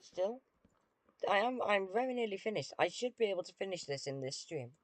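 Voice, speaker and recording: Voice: medium pitch, animated, brisk, no echo. A British streamer chatting casually with viewers while playing a game, dry and self-deprecating.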